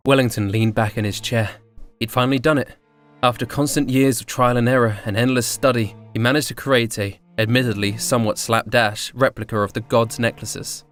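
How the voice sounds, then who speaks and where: Man, mid-pitched, wry storybook narrator, faint music bed. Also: fairly even intonation, a little fast, a bit bright. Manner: wry, dry humor with wordplay. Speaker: storyteller of a tabletop campaign epilogue.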